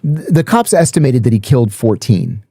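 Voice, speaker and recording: A man's voice: mid-range voice, moderate pace, no echo, studio quality. A middle-aged man casually telling stories on a podcast, acting out the people he quotes. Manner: animated storyteller, acts out quoted voices. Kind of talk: casual storytelling chat.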